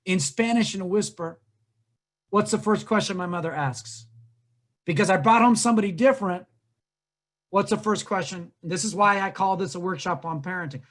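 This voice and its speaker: A man's voice: sits high, normal speed. A man, a diversity trainer, giving a humorous storytelling talk and quizzing his audience. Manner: animated, comic, asks the audience questions.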